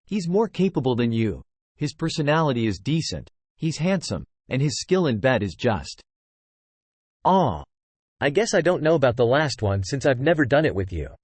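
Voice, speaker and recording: A man's voice: mid-range voice, big pitch swings, moderate pace, no echo. A man's synthetic voice reading a cold, sneering young woman who taunts a rival in a novel, in a mocking tone. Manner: mocking, provocative.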